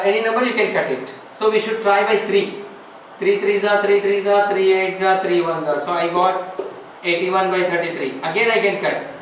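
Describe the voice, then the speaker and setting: Guy teaching math, high voice, really echoey far-off recording, faint noise, keeps repeating steps and asking questions. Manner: explains step by step, repeats phrases, asks rhetorical questions. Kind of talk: classroom math lesson.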